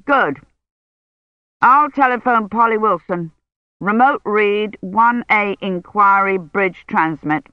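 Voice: mid-range voice, slow pace, no echo, pitched above the performer's own voice, close to an everyday voice. A reader voicing an older male academic who presses urgently for help. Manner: urgent, persuasive. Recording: dull lo-fi sound.

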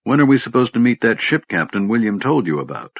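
A man's voice: mid-range voice, sing-song, fast talker, no room sound, dull audio. A man reading an audiobook, voicing a grim half-elf male fighter who speaks in a curt, clipped, tense way.

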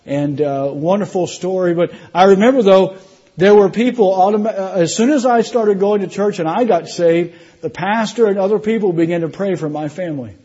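A man's voice: high voice, normal speed, mellow, husky, dull audio. A middle-aged man preaching from the pulpit, telling his conversion story with restarts and rising emphasis. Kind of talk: sermon testimony.

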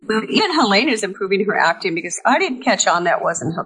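A woman's voice: mid-range voice, sing-song, quick pace, fairly bright tone, poor audio. A woman in a casual chat, plainspoken and questioning.

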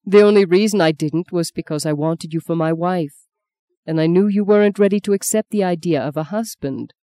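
A woman's voice: fairly low pitch, brisk, dark tone, close to an everyday voice. A woman voicing an ardent, teasing man in his thirties who speaks tenderly and earnestly in an audiobook.

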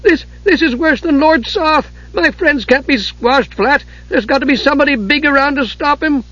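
A man voicing an excitable, childlike small male kender in a high, shrill, frantic voice. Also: moderate pace, dry recording, highs cut off.

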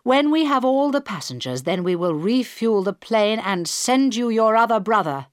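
A woman reading the part of a female prime minister in a crisis, loud, urgent and commanding. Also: fairly high pitch, expressive, moderate pace, no echo, studio quality, pitched above the performer's own voice, natural voice.

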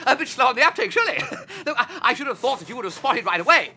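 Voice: sits high, very animated, pushed and bright, heavily acted. A flustered young toff. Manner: stammering, talks fast, laughs nervously. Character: flustered young upper-class gentleman, chatty and evasive. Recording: faint noise and clicks.

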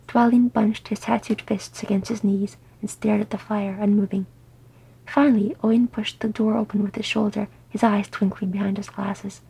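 A woman reading fan fiction aloud as an audiobook, in a soft, unhurried storytelling manner. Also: medium pitch, little pitch movement, gravelly, slightly rough, poor audio. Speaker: audiobook reader.

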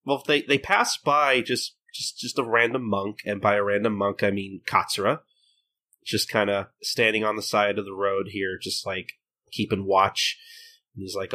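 A man's voice: fairly low pitch, moderate pace. A man hosting a podcast in casual chat, joking and acting out the scenes he retells. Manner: animated, jokey, acts out scenes. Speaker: podcast host.

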